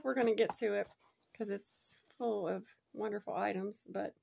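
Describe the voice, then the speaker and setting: A woman, chatting casually and gushing excitedly as she unboxes a gift, laughing often. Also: mid-range voice, moderate pace, gravelly, a little hiss or hum. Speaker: unboxing vlogger.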